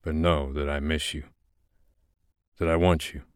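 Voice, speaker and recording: A man playing a domineering, possessive male boss who speaks in a commanding, deliberate way. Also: extremely low pitch, little pitch movement, smooth, no room sound, studio quality. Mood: cold.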